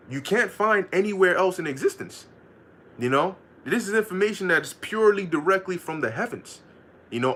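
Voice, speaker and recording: A man teaching scripture in a loose, streetwise way, reading verses slowly and then riffing with swearing and laughter. His voice sits a bit high and swings widely in pitch. The delivery stays animated and conversational throughout. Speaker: Bible teacher. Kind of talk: casual scripture lesson.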